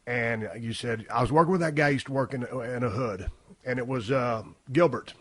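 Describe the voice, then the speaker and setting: A man telling rough, profane, animated stories in a casual podcast chat. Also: medium pitch, brisk, no echo. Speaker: podcast host. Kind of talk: casual storytelling conversation.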